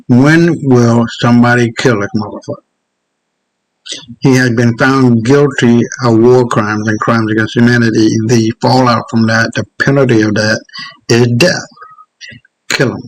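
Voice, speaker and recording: Guy ranting on his show, swears a lot, keeps going "hold on", regular pitch. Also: steady tone, a little slow, rough recording. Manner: profane, heated, stops often to search clips. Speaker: host. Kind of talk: casual rant commentary.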